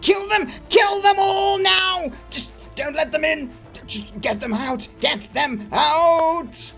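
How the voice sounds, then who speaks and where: A man voicing a panicky, high-pitched man who screams orders while cowering behind a table. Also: takes it slowly, creaky, fairly bright tone, soft background music, full character voice. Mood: frantic.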